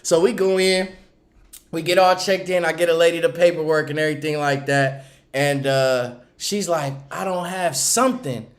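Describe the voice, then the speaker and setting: Guy with a high voice telling a trucking story on a livestream, acts out everybody, laughs a lot. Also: moderate pace. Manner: animated, acts out the people in his stories. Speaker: owner of a small trucking company.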